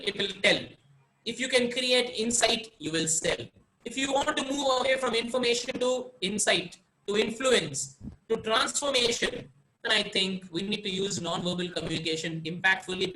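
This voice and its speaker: Expressive bright-voiced man coaching a webinar. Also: high voice, rough recording. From India. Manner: expressive, varies pauses and emphasis for effect. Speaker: webinar speaker, success coach. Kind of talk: online presentation training.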